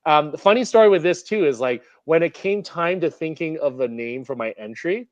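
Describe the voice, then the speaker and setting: A man's voice: on the high side, lively intonation, fairly quick, no room sound, dull audio. A man from Canada, a guest in a casual interview, talking animatedly with lots of fillers. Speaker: interview guest, model builder.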